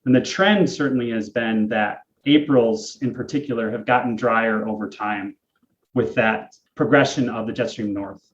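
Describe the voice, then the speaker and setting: A man's voice: medium pitch, fairly even intonation, moderate pace, a little hiss or hum. Man explaining climate in echoey room. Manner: thinks aloud, explains with many fillers and restarts. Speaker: podcast co-host, climate expert. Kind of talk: casual explanatory conversation. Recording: echoey, dull lo-fi remote audio.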